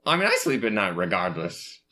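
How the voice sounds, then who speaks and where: A man's voice: low-pitched, sing-song, brisk, pushed and bright. A man co-hosting a casual movie review podcast, blunt and jokingly sure of his own opinions. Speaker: podcast co-host.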